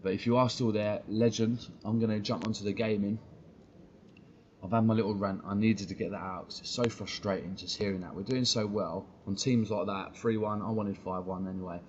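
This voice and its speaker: A man's voice: fairly low pitch, steady tone, a little fast, highs cut off, a little hiss or hum. Blunt, slangy man on stream. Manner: blunt, slangy, swears freely. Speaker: football fan streamer. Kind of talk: live stream rant.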